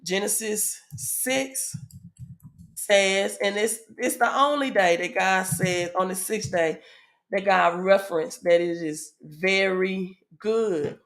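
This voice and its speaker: Southern woman, casual spiritual teacher, slow measured delivery with fillers. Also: mid-range voice, fairly even intonation. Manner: asks the audience "right?" often; unhurried with frequent "um" fillers.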